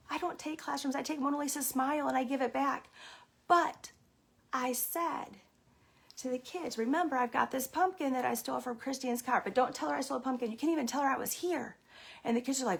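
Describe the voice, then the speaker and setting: High, gravelly woman telling a story in character. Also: brisk. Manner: animated, mock-stern, exclaims suddenly; repeats catchphrases while telling the story. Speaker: daycare owner vlogger.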